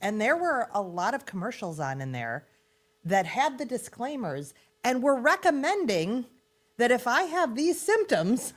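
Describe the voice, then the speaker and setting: A woman's voice: fairly high pitch, sing-song, unhurried. A woman co-hosting a podcast, chatting casually and laughing often. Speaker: podcast co-host.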